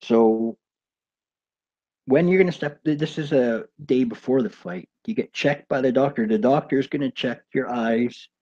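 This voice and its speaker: A former pro boxer now hosting tells a loose, rambling story, packed with fillers and restarts and freely swearing. His mid-range voice is warm and measured in pace, though the audio has its highs cut off.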